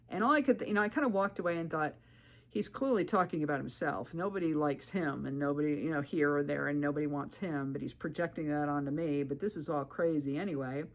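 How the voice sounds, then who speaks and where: Animated woman with a low voice. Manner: animated, jumps up in pitch when quoting; firm and direct. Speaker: thru-hiker vlogger. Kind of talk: storytelling vlog advice.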